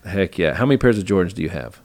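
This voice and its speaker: A man's voice: low voice, sing-song, rapid-fire, a little mellow. A man hosting a podcast interview, enthusiastic and rambling, often restarting his sentences. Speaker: podcast host. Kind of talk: casual interview chat.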